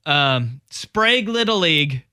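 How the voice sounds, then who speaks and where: Very bright, enthusiastic man. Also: a little high, animated, unhurried, clear, resonant tone, dry recording, studio quality. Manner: enthusiastic, rambling with fillers. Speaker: co-host. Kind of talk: casual banter.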